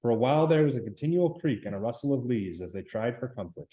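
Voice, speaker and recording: Male amateur reader, mid-pitched, steady novel narration, small stumbles. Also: fast talker, low-quality recording. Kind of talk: reading a novel aloud.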